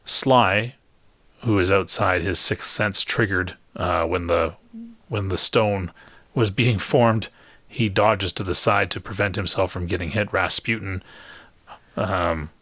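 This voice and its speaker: Male GM, low voice, unhurried wry delivery, dry close mic. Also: fairly bright tone, dry recording. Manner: slow, wry narration with puns and laughs. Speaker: game master. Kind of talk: narrating a tabletop game.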